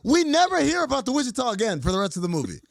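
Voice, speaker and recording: A man's voice: very high-pitched, sing-song, racing, creaky, no room sound, clean studio sound. A man co-hosting a movie podcast, joking, laughing often and acting out lines in casual chat. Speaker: podcast co-host.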